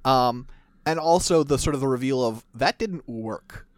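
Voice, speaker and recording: A man co-hosting a casual chat about a video game, rambling and animated with many restarts. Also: mid-range voice, normal speed, dry recording, clean studio sound.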